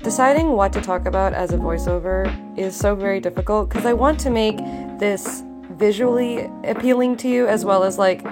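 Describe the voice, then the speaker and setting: Canadian woman, young, chatty voiceover narrator who rambles freely, soft music under the voice. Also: mid-range voice, normal speed. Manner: chatty, rambling, self-described yapper. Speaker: vlogger. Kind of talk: casual voiceover.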